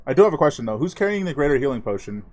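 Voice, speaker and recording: A man running an online tabletop game as game master, relaxed and chuckling, with plenty of ums and uhs. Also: mid-range voice, rapid-fire, a little hiss or hum. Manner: relaxed, laughing, filler-heavy.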